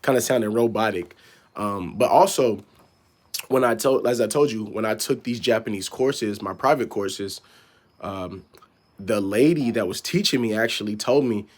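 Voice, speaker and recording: A man's voice: lowish voice, normal speed, a little mellow. A young man giving casual vlog advice, rambling with many fillers and repeated words. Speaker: vlogger.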